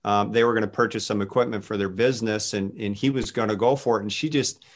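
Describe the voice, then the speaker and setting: A man speaking as a guest minister in a casual faith conversation, telling stories in an animated way and voicing quotes. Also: fairly low pitch, fast. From United States. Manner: animated storytelling with voiced quotes.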